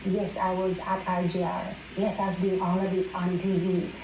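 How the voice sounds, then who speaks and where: A woman's voice: fairly low pitch, completely flat delivery, normal speed, reverberant, background noise. A woman with a Jamaican accent, a guest in an interview recounting her own experience and mixing patois into her English. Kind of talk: personal account in an interview.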